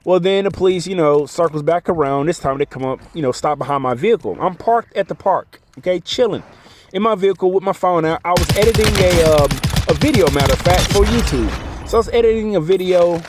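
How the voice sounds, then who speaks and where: A man's voice: high-pitched, expressive, fairly quick. A man telling a personal story in a casual, chatty monologue, often checking in with the listener. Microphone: phone mic. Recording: clearly noisy background.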